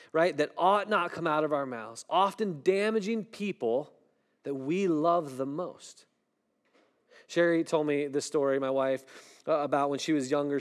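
This sermon comes from a middle-aged pastor with a chatty style who keeps checking in with "right?" His voice goes quiet and low whenever the story gets tense.

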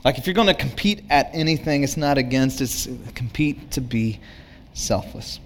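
A middle-aged man preaching a sermon, telling stories and acting out both sides of an argument. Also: medium pitch. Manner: animated storytelling, acts out both sides of arguments. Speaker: pastor.

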